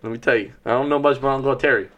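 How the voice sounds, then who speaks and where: A man chatting casually, telling a story with lively acted-out quotes. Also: mid-range voice, racing, muffled recording. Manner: animated storyteller who acts out quotes. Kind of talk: casual chat.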